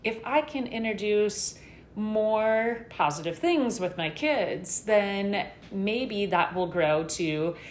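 A woman's voice: mid-range voice, lively intonation, slow, roomy sound, slight background noise. A middle-aged woman guest talking candidly in a casual interview, rambling a little with fillers.

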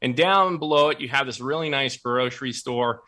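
Male motivational talk host, bright tone, emphatic storyteller. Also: mid-range voice, normal speed. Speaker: podcast host.

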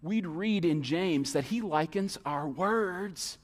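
A male pastor preaching a sermon in a church, emphatic, with rhetorical questions and quick acted-out asides. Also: fairly high pitch. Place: church hall. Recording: long hall reverb.

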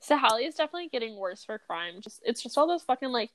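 A young woman co-hosts a podcast, teasing and giggling through filler-heavy chat. Her voice is slightly high. The mic is close and dry. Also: very animated, fast talker, a bit bright, dry recording. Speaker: podcast co-host. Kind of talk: casual chat.

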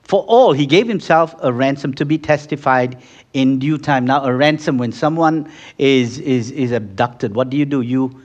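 A man preaching a sermon, telling everyday stories with acted-out quotes and building to loud, fervent exhortation. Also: mid-range voice, moderate pace, dull audio. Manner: acts out little scenes with quoted voices. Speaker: pastor.

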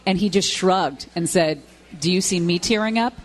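A radio co-host broadcasting live from a restaurant, telling a news story in a brisk, narrative way. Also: mid-range voice.

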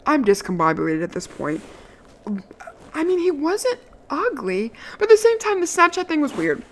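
A young woman from the Washington, D.C. area telling a casual, animated story, full of "like" fillers and the odd swear word. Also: high voice, normal speed, a little hiss or hum. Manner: chatty, animated, lots of "like" fillers, occasional swearing. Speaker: vlogger.

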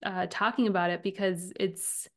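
A woman in her thirties hosting a podcast, talking earnestly and from the heart about relationships, often with a soft laugh. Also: mid-range voice, steady tone, moderate pace. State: getting emotional. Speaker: podcast host and relationship coach. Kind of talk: personal podcast monologue.

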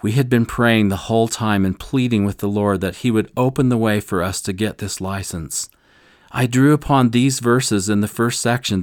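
An older man with a low voice tells a story with earnest, solemn weight. The sound is dry and close, with no room around it. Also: normal speed, dry recording. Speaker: scripture teacher. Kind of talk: scripture discussion with personal story.

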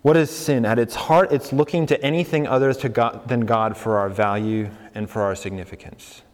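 A man's voice: medium pitch, steady tone, normal speed, darkish tone. Young male preacher in a reverberant hall. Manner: conversational, asks the congregation questions, laughs along. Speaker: pastor. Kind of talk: sermon. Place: church hall with congregation.

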